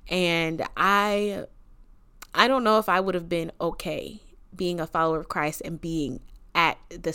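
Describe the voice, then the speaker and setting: Woman, 20s, podcast host, casual devotional chat, slangy, emotional, smooth voice. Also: on the low side, fairly bright tone. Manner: chatty, slangy, emotional and reverent.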